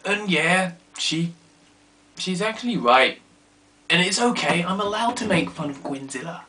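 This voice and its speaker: A young man telling a rambling, self-mocking story to camera in a casual vlog, now and then dropping to quiet asides. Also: high-pitched, lively intonation, unhurried. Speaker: vlogger.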